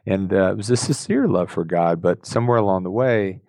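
Low gravelly voice, middle-aged man, candid storytelling, laughs a lot, dry close sound. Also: a little fast, darkish tone, no room sound. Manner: intense, laughs often, self-deprecating. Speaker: guest.

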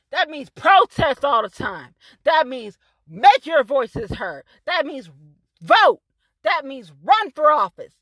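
A woman's voice: very high-pitched, pushed and bright, no room sound. A woman delivering a furious, profanity-laced rant as a local activist, repeating herself for emphasis. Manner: fiery, cursing, repetitive and emphatic. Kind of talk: angry profane rant to camera.

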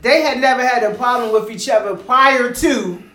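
Animated woman host in an echoey room. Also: fairly high pitch, moderate pace. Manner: animated, talks over others, repeats phrases. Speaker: podcast host. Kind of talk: casual sports talk.

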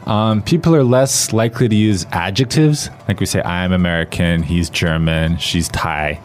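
A man's voice: low-pitched, moderate pace. A man explaining phrases conversationally in a podcast language lesson. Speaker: language teacher.

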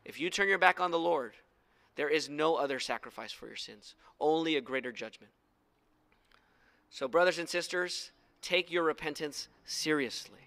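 A man's voice: on the high side, moderate pace, sharp tone. A man preaching a sermon in a church as pastor, making earnest, direct appeals to his listeners. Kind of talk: sermon with storytelling.

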